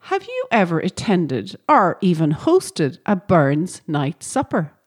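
A woman's voice: lowish voice, huge pitch swings, slow, slightly rough. A woman hosting a podcast, reading scripted narration in a friendly way and often asking listeners questions. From Ireland. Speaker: podcast host.

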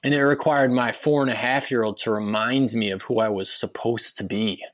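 A man's voice: mid-range voice, steady tone, moderate pace, a bit bright. A middle-aged man, a podcast guest, telling a personal story in an earnest, emotional way, often repeating his words.

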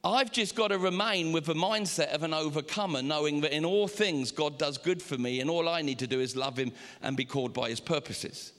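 A man preaching a sermon as pastor, animated, with sudden jumps up in pitch. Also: fairly quick, hardly any pauses, big-room sound.

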